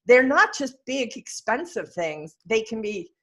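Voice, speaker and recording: A woman with a New York accent co-hosts a podcast. She chats in an emphatic, lively way, explaining her ideas at length and laughing easily. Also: fairly high pitch. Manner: chatty, quick to laugh, emphatic. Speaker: podcast co-host. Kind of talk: casual chat.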